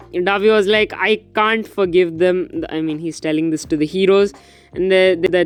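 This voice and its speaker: A man's voice: a little high, smooth. Rambling young man recapping a chapter. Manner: rambling, filler-heavy, excitable. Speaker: manga reviewer. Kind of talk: casual manga chapter recap. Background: faint background music.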